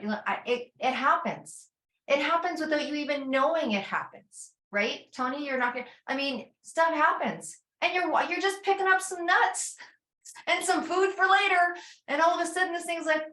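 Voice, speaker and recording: Animated, rambling woman in echoey room. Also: on the high side, moderate pace. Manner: rambling, animated, acts out her own inner voice. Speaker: summit organizer speaking to a panel. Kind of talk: casual storytelling talk.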